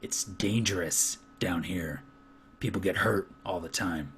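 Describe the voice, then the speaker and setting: A man voicing a stern, gruff male dwarf foreman who scolds curtly. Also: sits low, a little slow, a bit bright, a little hiss or hum, voice pushed down. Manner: curt, scolding.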